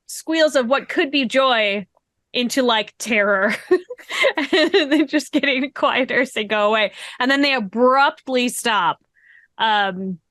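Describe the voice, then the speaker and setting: A woman's voice: on the high side, a bit bright, no echo. Giggly woman running a tabletop game. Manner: amused, giggly, drawn-out storytelling. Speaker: game master.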